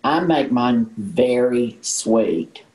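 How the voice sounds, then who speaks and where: A woman's voice: rumbling low, animated, drawn-out words, a little mellow, poor audio. A woman in her sixties with a Southern American accent, a guest telling folksy stories in casual chat. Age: 60s. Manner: folksy storyteller, says honey. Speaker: guest, actress and singer.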